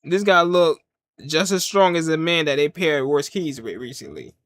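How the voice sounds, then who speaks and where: A man giving casual live reaction commentary while watching a wrestling show, swinging from loud excited yelps to low mutters in easygoing slang. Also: normal speed. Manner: casual slang, talks to himself and the chat. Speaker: wrestling watch-along reviewer.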